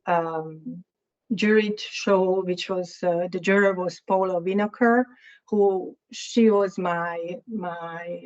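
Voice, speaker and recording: A woman from Hungary with a Hungarian accent, giving a lecture about her own artwork. She talks in a candid, halting way, searching for words, and her voice is slightly hoarse. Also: medium pitch, highs cut off. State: slightly hoarse, clearing throat. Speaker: guest artist lecturer.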